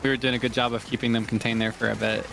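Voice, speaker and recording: A man's voice: level tone, very fast, vocal fry, a bit bright, faint music behind. A man streaming a video game, chatting casually with a friend and laughing often. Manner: chatty, breaks into high laughs. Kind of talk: casual gaming chat.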